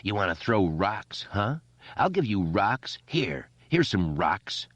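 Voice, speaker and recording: A man's voice: on the low side, sing-song, takes it slowly, fairly bright tone, breathy edge, no echo, heavily acted. A man voicing a brutal teenage boy bully with a nasal, foghorning voice and a mocking, unhinged way of taunting. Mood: raving. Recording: dull lo-fi dry recording.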